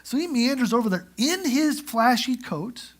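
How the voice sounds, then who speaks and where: A man preaching a sermon in church, telling the story in a lively way and acting out the characters. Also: very high voice, normal speed. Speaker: pastor. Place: church sanctuary.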